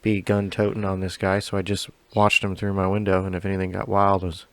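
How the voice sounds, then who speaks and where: Low-voiced man telling a rambling story. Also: completely flat delivery, fast talker. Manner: profane, rambling, laughs a lot. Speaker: podcast co-host. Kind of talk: casual storytelling chat.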